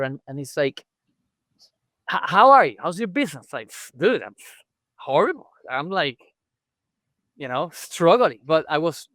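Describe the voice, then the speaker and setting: A man's voice: fairly high pitch, a bit bright, dry recording. A chiropractor guest telling his story in a conversational podcast interview, acting out remembered dialogue as he goes.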